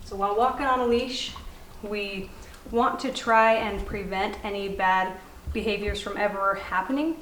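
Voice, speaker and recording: A woman dog trainer explaining puppy commands in a calm teaching manner, softly praising the puppy between steps. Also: medium pitch, moderate pace. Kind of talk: instructional demonstration. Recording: echoey room, faint noise.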